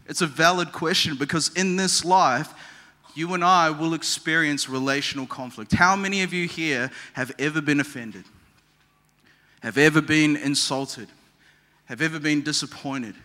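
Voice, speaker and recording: A man's voice: fairly high pitch, sharp tone. A man preaching a sermon as pastor, conversational and humorous, asking the audience questions in a church hall. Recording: long echoey hall reverb.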